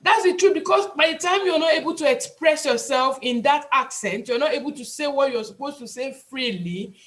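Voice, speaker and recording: A woman's voice: sits high, brisk. A Nigerian woman tutoring a class over a video call, talking in an emphatic, pleading way and often repeating herself. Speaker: IELTS tutor and nurse. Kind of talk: online class lecture.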